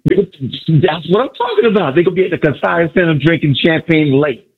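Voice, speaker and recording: A caller phoning in to a sports talk show, a man with a husky, lively voice that leaps up and down as he boasts and repeats himself. The line is muffled and dull, like a phone call aired on radio. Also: fairly high pitch, fairly quick. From Miami area. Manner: hyped, boastful, repeats phrases.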